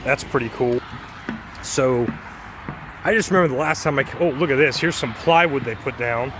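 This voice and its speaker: A man's voice: mid-range voice, normal speed. Breathless man narrating a tower climb. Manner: chatty, excited narration. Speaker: vlogger. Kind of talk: casual narration while climbing. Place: top of a tall outdoor tower. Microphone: handheld phone camera. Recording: outdoor phone recording with noise.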